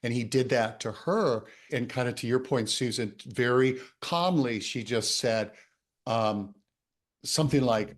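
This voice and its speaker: A man tells a workplace story in a relaxed conversation. His voice sits at a middle pitch. He is animated and laughs often while he talks. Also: measured pace. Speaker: coach and author.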